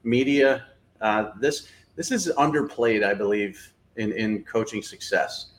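Blunt low-voiced man talking football. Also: a little slow, a little hiss or hum. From New England. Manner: opinionated, blunt, many fillers. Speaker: college football analyst. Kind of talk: casual sports talk.

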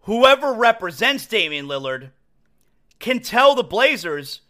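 Male sports podcast host, high and lively voice, emphatic opinionated monologue with restarts. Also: unhurried. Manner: emphatic, rambling with restarts and asides.

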